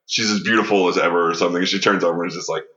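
A man's voice: low voice, steady tone, rapid-fire, pushed and bright. A man co-hosting a casual film podcast, enthusiastic and laughing often. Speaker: podcast co-host. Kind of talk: casual film discussion chat. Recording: dull lo-fi sound.

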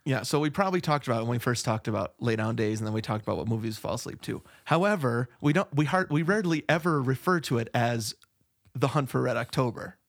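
A man's voice: mid-range voice, animated, fast. A man co-hosting a podcast in casual chat, chatty and jokey, explaining his theories at length. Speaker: podcast co-host.

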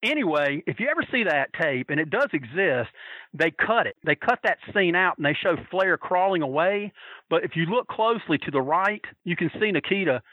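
A man telling wild anecdotes in a casual, profane, animated way, acting out other people's voices and laughing as he goes. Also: sits high, normal speed, no room sound, phone-quality sound. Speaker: storyteller guest.

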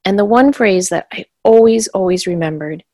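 A woman's voice: medium pitch, normal speed, warm tone, no room sound, clean studio sound. A woman who used to teach, co-hosting a casual chat and telling stories with emphatic energy. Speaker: podcast co-host, former teacher.

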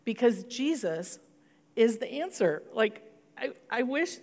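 A woman's voice: a little high, sing-song, unhurried, long reverb tail. A middle-aged woman pastor giving an earnest sermon, telling a personal story and leading into prayer.

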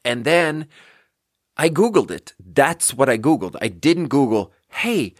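This thirtysomething podcast host sounds expressive and medium-pitched, keeping a measured pace. In a dry, studio-quality recording, he delivers a self-deprecating comedic rant, cursing freely and hopping from one thought to the next.

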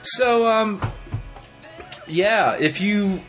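A man's voice: high-pitched, very slow, fairly bright tone, soft background music, low-quality recording. A man hosting a casual podcast, joking around and rambling, often correcting himself. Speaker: podcast host. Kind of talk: casual chat.

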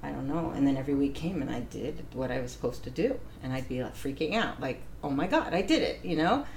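A woman being interviewed, telling a personal story in a casual, animated way, laughing often and acting out what others said. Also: a bass voice, fast talker, a little hiss or hum. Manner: animated, laughs often, acts out quoted voices. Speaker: interview guest.

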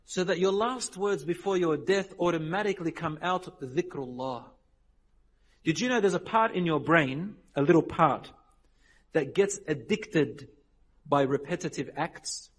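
A man preaching a sermon, telling stories with lively voiced dialogue and dropping Arabic religious phrases. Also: a little high, a little slow. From Lebanon. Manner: animated storytelling, acting out quoted people. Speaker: Islamic preacher.

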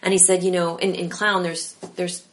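Improv lady chatting away, kinda low voice, rambly and excited, tons of "like" and "um". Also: moderate pace. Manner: animated, rambling, lots of fillers. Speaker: improv performer, guest. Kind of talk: casual interview chat.

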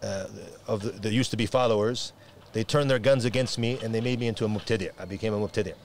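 A man from America, an imam, chatting quickly and animatedly, full of restarts and Arabic phrases. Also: on the low side, a little hiss or hum. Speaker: imam and preacher. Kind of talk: casual podcast conversation.

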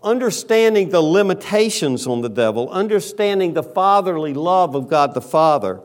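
A man preaching a sermon as pastor, talking slowly and deliberately with frequent pauses. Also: big pitch swings. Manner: quiet, lowered voice in prayer.

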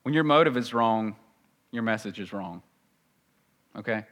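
A man preaching a sermon with a Southern US accent. He talks earnestly and conversationally, and his pitch jumps up when he acts out quoted voices. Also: animated, a little slow, fairly bright tone. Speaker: pastor.

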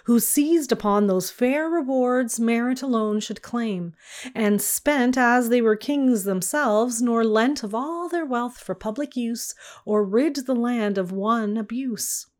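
Slow woman reading verse. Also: on the high side, darkish tone. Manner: measured, archaic verse. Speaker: reader. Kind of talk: reading a narrative poem aloud.

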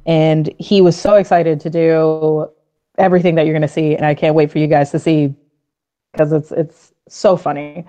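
Brief: female comic writer guest, gushing and chatty, lowish mellow voice, muffled lo-fi podcast audio. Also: little pitch movement, normal speed. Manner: gushing, bubbly, lots of fillers and laughs. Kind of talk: casual podcast interview.

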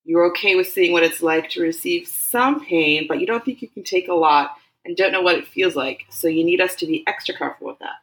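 A woman voicing a direct young man who methodically questions the others, in a slightly low voice. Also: a little fast, hardly any pauses, natural voice, rough recording. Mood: measured.

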